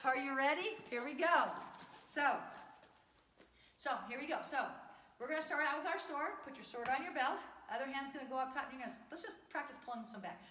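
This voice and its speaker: A woman teaching a children's taekwondo class, playful and upbeat, shouting out kiai counts. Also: high-pitched, brisk. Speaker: taekwondo instructor. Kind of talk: kids' martial arts class instruction. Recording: echoey, distant camera audio.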